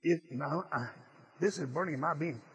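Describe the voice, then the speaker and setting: A man's voice: fairly high pitch, normal speed, slightly rough, poor audio. A male preacher delivering a sermon as earnest storytelling, stressing key phrases and sometimes restarting his words. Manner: some stammered restarts.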